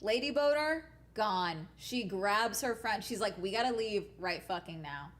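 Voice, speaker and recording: A woman's voice: mid-range voice, unhurried. Blunt, profane young woman streamer. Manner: blunt and profane, animated storytelling. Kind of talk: casual chat on a stream.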